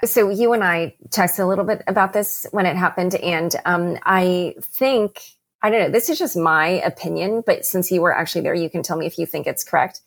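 Low gravelly woman interviewer. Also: fairly quick. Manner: conversational, hesitant with fillers. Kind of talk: casual interview chat.

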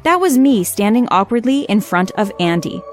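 A woman narrating a scripted first-person story in a wry, lively way. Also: medium pitch, moderate pace, soft background music.

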